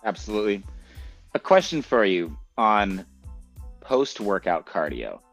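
A man hosting a fitness podcast, talking quickly and eagerly, restarting and repeating words as he makes his points. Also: on the low side, sing-song, soft background music. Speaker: podcast host and fitness coach. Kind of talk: casual podcast chat. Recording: dull lo-fi audio.

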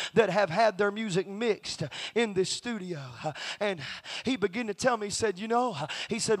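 A male preacher telling a story in a youth convention sermon, building from a steady tale to shouted preaching. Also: sits high.

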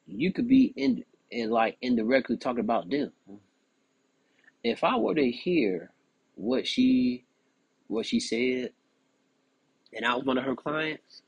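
Man, young adult, husky, dry close mic, casual commentary. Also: medium pitch, dry recording. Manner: animated, frequent "you know what I'm saying". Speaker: podcast host.

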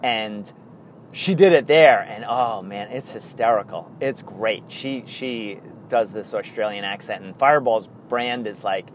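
A middle-aged man, co-hosting a casual podcast and telling rambling stories in excited bursts. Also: lowish voice, a little slow, slight background noise. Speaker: podcast co-host. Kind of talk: casual chat.

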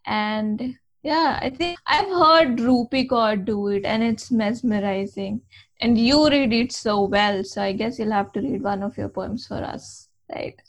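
A woman's voice: on the high side, a little slow, rough recording. A woman hosting a casual podcast, asking light questions and laughing often. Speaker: podcast host.

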